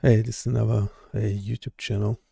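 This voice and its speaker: A man hosting a live coding stream, chatting casually and haltingly with lots of fillers and restarts. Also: on the low side, flat delivery, creaky, dark tone, slightly rough, no echo, studio quality. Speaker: live-stream host and developer.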